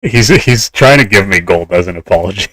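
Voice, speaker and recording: A man's voice: low-pitched, expressive, fairly quick, a bit bright, dry recording, rough recording. A man streaming a game while talking on voice chat, wry and grumbling, swearing as he plays. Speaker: gamer streaming a raid. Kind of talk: casual gaming voice chat. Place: online voice chat while gaming.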